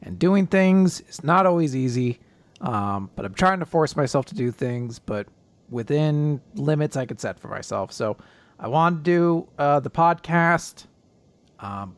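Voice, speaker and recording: A grieving man co-hosting a podcast, talking casually in a subdued, halting way with nervous laughs. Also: mid-range voice, dry recording. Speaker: podcast co-host.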